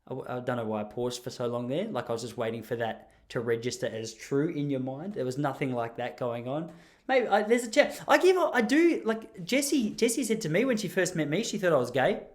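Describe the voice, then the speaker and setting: A man's voice: medium pitch, a little fast, hardly any pauses. A young man from Gippsland with an Australian accent, hosting a podcast and telling rambling, self-mocking stories. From Traralgon, Gippsland, Australia. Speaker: podcast host. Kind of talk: casual storytelling.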